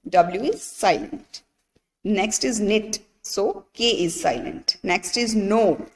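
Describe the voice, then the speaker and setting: A woman's voice: medium pitch, long reverb tail. A woman teacher patiently walking pupils through a workbook lesson, spelling out letters, listing words one by one and checking in with "right?".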